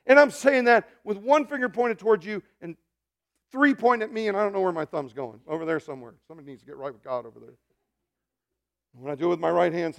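A man preaching a sermon as pastor, dropping to hushed murmurs and rising to loud, animated preaching, with joking asides to the congregation. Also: on the high side, gravelly.

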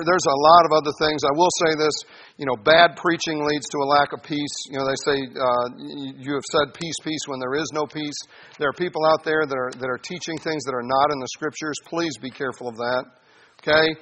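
Bright-voiced animated preacher man. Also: on the high side, brisk. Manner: animated, acts out voices, addresses listeners as saints. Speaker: pastor. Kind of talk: sermon.

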